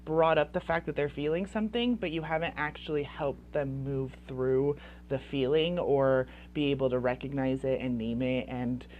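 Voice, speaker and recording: A woman's voice: extremely low pitch, fairly even intonation, moderate pace, few pauses, phone-quality sound, slight background noise. A woman coaching parents in casual advice talk, chatty and full of "like" fillers. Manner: chatty, heavy use of "like" fillers.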